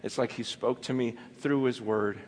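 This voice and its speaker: A male pastor preaching a sermon, impassioned, building to near shouts and then dropping low and quiet. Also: steady tone, moderate pace. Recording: long hall reverb.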